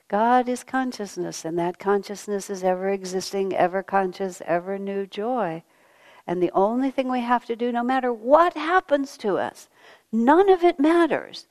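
Woman giving a gentle devotional talk, middle pitch, reflective, goes soft and quiet a lot, bit of self-mocking humor. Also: lively intonation, moderate pace. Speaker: spiritual teacher.

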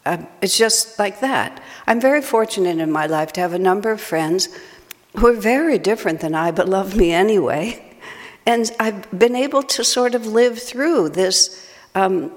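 A woman's voice: medium pitch, expressive, moderate pace. An older woman, a spiritual teacher, telling a chatty, self-mocking personal story and laughing often. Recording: long hall reverb.

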